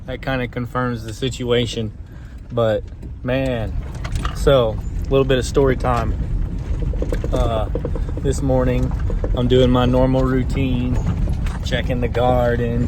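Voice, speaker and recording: A man in his thirties telling a story to camera in a rambling, animated way, acting out bits of dialogue. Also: medium pitch, noisy background. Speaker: vlogger. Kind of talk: casual storytelling.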